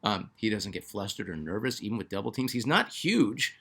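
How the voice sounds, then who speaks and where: A man's voice: lowish voice, big pitch swings, brisk, fairly bright tone. A man hosting a basketball fan channel, chatting casually and reading out viewer comments, with lots of fillers and restarts. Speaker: sports channel host.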